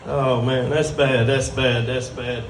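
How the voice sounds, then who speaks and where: Heard from afar in a spacious live room with plenty of background noise, this mid-range male voice belongs to a comic working a brewery stage for a live crowd. His delivery is a crude, self-mocking drawl.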